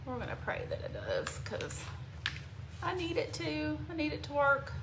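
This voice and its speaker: A woman's voice: high-pitched, wildly swooping pitch, normal speed. A middle-aged woman hosts a casual crafting livestream, chatting with viewers by name and growing teary at times. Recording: echoey room with faint background noise.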